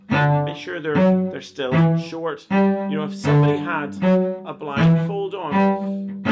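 A man's voice: fairly high pitch, gravelly. A man teaching cello in a video lesson, explaining step by step in a chatty, joking way.

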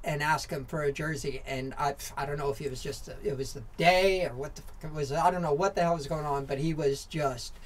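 A man in his forties with an American accent talks through his memories as a podcast guest. His voice sits a little higher than most men's. He tells it candidly and in loose rambling runs, full of fillers, restarts and casual swearing. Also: brisk, hardly any pauses. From Southern California, USA. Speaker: podcast guest, former motorcycle racer. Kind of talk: casual storytelling interview.

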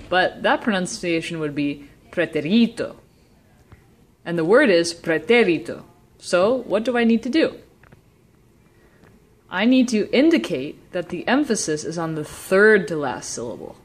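A woman teaching Spanish stress rules, slowly sounding out example words. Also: fairly low pitch. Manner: slow, deliberate word demonstrations. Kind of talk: classroom-style explanation.

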